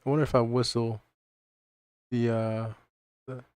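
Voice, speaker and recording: A man's voice: mid-range voice, level tone, a little slow, a little mellow, clean tone, no room sound. Man chatting casually on a podcast stream. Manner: rambling, muttering to himself while setting up. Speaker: podcast host. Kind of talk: casual livestream chat.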